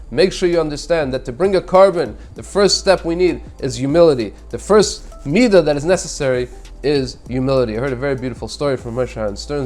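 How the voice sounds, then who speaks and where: A man's voice: medium pitch, a little mellow. A rabbi giving a short Torah thought with a story. He is earnest and repeats words as he restarts his phrases.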